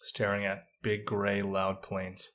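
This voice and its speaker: A man's voice: lowish voice, completely flat delivery, slow pace, a bit bright. A man talking as a podcast guest, candid and self-deprecating about his career. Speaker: guest, special agent. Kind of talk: casual interview chat.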